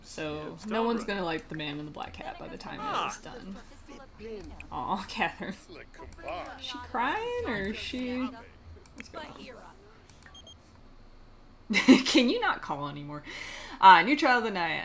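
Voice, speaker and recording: A woman's voice: mid-range voice, very animated, measured pace, pauses often, slight background noise. A woman giving casual let's-play commentary, chatty and laughing often, with casual swearing. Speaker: gameplay streamer. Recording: game music and sim chatter loud behind. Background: game music and crowd chatter.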